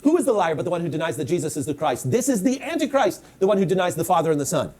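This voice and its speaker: Man, preacher, sermon, emphatic, rhetorical questions, fairly high voice, very lively pitch. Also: rapid-fire. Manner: emphatic, repeats key lines and asks rhetorical questions. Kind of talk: sermon reading scripture.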